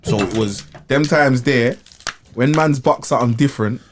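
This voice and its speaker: A man co-hosting a podcast, talking in animated, repetitive slangy banter. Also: medium pitch, moderate pace, a little hiss or hum. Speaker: co-host. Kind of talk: casual podcast chat.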